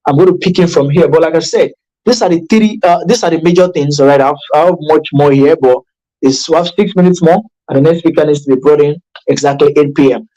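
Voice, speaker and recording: A man coaching addiction recovery in a motivational online class. He talks emphatically and repeats himself, often restarting sentences and checking in with listeners. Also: poor audio. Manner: emphatic and repetitive, with sharp pitch jumps for stress; conversational, with frequent restarts and check-ins.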